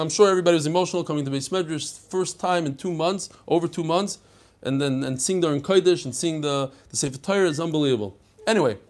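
An older man teaching a daily Talmud class, chatty and digressive, mixing Hebrew and Yiddish terms into his talk. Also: high-pitched. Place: study hall.

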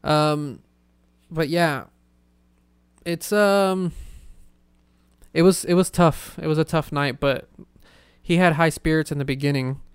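A young man rambles through a casual podcast story, leaning on filler words. His voice is smooth and clear, and the recording sounds dry and close. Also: fairly high pitch, fairly even intonation, slow pace, long pauses, dry recording. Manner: rambling, full of "like" fillers and laughter. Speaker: podcast host.

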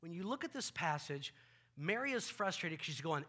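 Bright high-voiced preaching man. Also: moderate pace. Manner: animated, acts out scenes with volunteers, repeats words. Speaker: pastor. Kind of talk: sermon.

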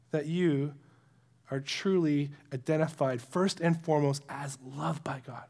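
A man preaches a sermon. His delivery is chatty and earnest, and he often sinks to a hushed near whisper to drive a point home. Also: a little high. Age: adult with young children. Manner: conversational and earnest, drops to a hush for emphasis. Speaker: pastor.

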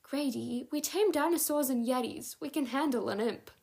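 Woman reading as a soft-spoken motherly woman. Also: sits high, moderate pace, vocal fry, pitched above the performer's own voice. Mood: tender. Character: kind, tender motherly woman. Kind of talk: audiobook character reading.

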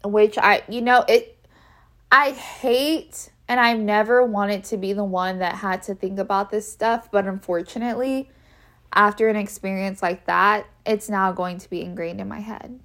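Speaking at a moderate pace with fairly even intonation, a woman with a medium-pitched, fairly bright voice shares something from her own life. She's candid and conversational, leaning on fillers and repeating key lines for emphasis.

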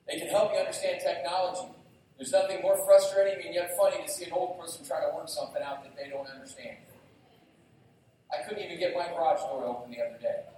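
A middle-aged male pastor preaches in a church, spinning lively stories and poking fun at himself. His voice sits a little high and is picked up from some distance. The sanctuary echoes heavily around him, with a faint hum of noise underneath. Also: fast. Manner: lively storytelling, self-mocking humor. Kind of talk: sermon. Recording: very echoey hall, heard from afar.

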